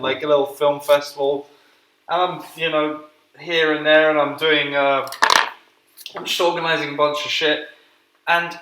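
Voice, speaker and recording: A man's voice: a little high, sharp tone, reverberant, rough recording. Rambling, sweary man in a kitchen. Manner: rambling, sweary, self-deprecating. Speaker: podcast host. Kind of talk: casual solo monologue. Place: home kitchen, cooking.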